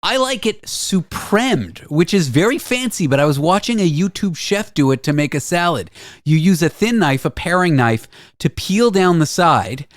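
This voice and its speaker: A man's voice: on the high side, expressive, normal speed, dry recording. A Canadian man hosting a radio show, chatting casually and explaining at length with small hesitations. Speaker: radio host.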